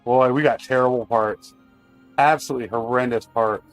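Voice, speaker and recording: Man streamer, mid-pitched voice, relaxed running commentary to chat over faint music. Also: normal speed, dry recording. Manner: chatty, talks to chat while playing. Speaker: game streamer. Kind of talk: casual live-stream commentary.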